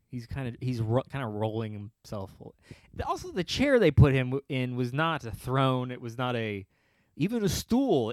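A man's voice: medium pitch, dry recording. A man telling a rambling, profane comedic story on a podcast and laughing often. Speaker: podcast host.

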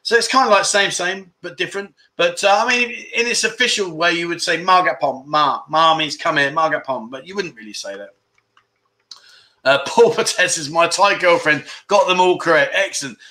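A man's voice: high-pitched, normal speed, bright, forceful tone. A man hosts a casual livestream, joking and chatting as he reads viewer comments aloud and asks them questions. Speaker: livestream host. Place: home in Thailand.

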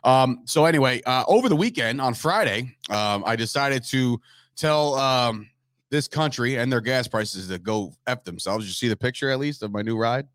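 A man's voice: mid-range voice, lively intonation, normal speed, fairly bright tone, dry recording, clean studio sound. A man co-hosting a casual sports chat, joking around and trailing off with fillers. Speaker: podcast co-host.

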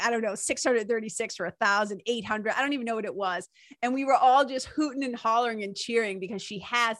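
A woman's voice: fairly high pitch, dry recording. Woman, casual storytelling, emotional, filler-heavy, dry close sound. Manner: animated, emotional, many fillers like "like" and "you know"; breaks into laughter. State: emotional, near tears.

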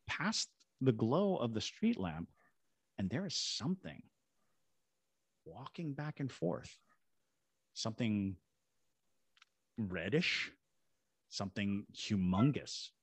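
A husky, sing-song, mid-range voice moves at a measured pace with long pauses, recorded without room sound. The man, a paranormal investigator and ghost tour guide from Savannah, Georgia, tells a story as a podcast guest, performing voices and sound effects.

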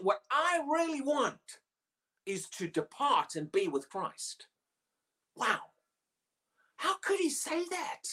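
A woman preaching a sermon, emphatic and animated, often asking rhetorical questions. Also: on the high side.

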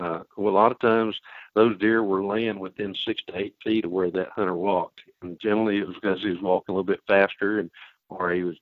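An older man, a hunting expert, telling folksy stories in a relaxed podcast conversation. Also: on the low side, dry recording. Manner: folksy storyteller, relaxed and unhurried. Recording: tinny phone-like line, dry.

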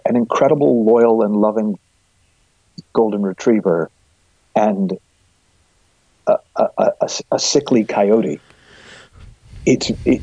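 A man's voice: fairly low pitch, dark tone, husky, no room sound. A middle-aged man, a guest and coach, thoughtfully explaining ideas with vivid images in a reflective conversation, recorded with dull, lo-fi sound.

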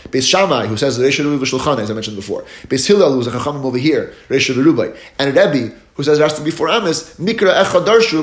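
A man giving a Talmud lecture, explaining each step in a steady teaching cadence and lifting his voice on key terms. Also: a little high. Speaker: Torah teacher. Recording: echoey room.

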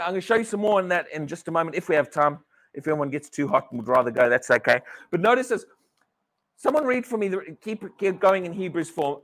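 Animated British preacher with a high voice. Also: male voice. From Britain. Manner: animated preaching, repeats words, asks the congregation questions. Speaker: pastor. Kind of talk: sermon.

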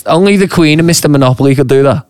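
A man with an Australian accent co-hosting a podcast, telling stories in a chatty, animated way and swearing freely. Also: a little high, rapid-fire, clear, resonant tone, dry recording, studio quality. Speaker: podcast co-host. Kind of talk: casual chat and storytelling.

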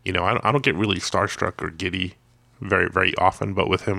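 A man's voice: sits low, fairly even intonation, fast talker, gravelly, bright, forceful tone, no room sound. A man, a comic artist guest, telling casual anecdotes in a rambling way with many restarts. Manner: rambling, self-repeating storyteller.

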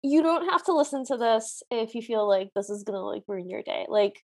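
A woman's voice: fairly high pitch, animated, fairly quick, a little mellow. A woman co-hosting a podcast, describing an old cartoon in a playful, enthusiastic way. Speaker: podcast co-host. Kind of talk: casual review chat.

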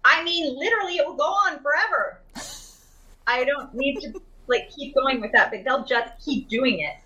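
A woman's voice: high voice, normal speed, sharp tone, muffled recording. A woman in a casual conversation about emotional healing, chatty, with many fillers and restarts, speaking over a video call.

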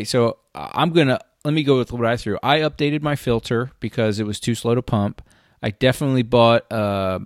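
A man's voice: on the low side, no echo, clean studio sound. A man hosting a casual talk show, talking animatedly and frankly and swearing freely. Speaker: podcast host. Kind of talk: casual hunting gear chat.

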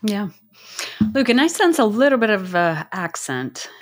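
A woman's voice: medium pitch, sing-song, measured pace. A woman hosting a casual podcast interview, hesitant and restarting her sentences often. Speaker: podcast host.

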